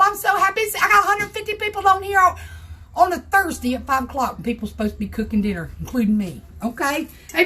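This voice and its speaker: An older woman from South Carolina with a Southern accent, her voice hoarse, chatting in a folksy way as she hosts a crafting livestream tutorial from her home craft room. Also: a little high. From South Carolina, USA. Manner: chatty, folksy, greets viewers by name.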